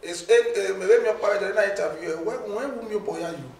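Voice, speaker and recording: Nigerian guy chatting slowly, raised pitch, sounds a bit far from the mic. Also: roomy sound, a crowd in the background. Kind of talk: casual conversation.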